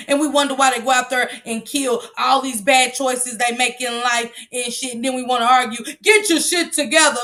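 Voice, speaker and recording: Woman, middle-aged, livestream host, blunt, profane, lecturing, bright voice. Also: high voice, moderate pace, few pauses. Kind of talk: blunt casual livestream talk.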